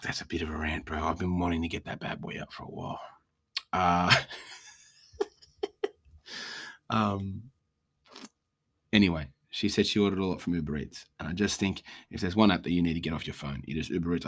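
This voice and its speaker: Profane ranting Australian man, low voice. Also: breathy edge. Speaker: podcast host. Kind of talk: casual solo rant.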